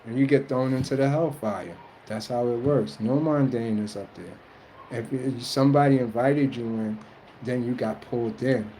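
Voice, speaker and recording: Man, casual spiritual talk, rambling, colloquial, mellow warm voice, faint background hiss. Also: moderate pace, rough recording. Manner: rambling, earnest, colloquial, quotes others in high mock voices. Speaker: spiritual streamer answering chat.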